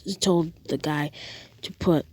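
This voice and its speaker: A young woman retelling a fan story casually, rambling and animated. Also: low-pitched, measured pace, breathy edge, dry recording. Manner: rambling, animated, lots of restarts and acted quotes.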